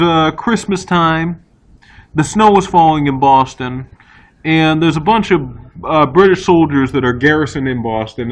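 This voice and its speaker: A man teaching history in a casual, chatty way, often voicing quick asides for the people he talks about. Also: on the high side, rough recording. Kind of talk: recorded classroom lecture.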